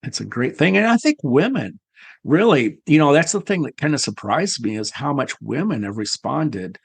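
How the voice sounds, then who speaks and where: Male podcast host, halting and searching for words, dry close recording. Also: mid-range voice, big pitch swings, vocal fry, husky, dry recording. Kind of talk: conversational interview.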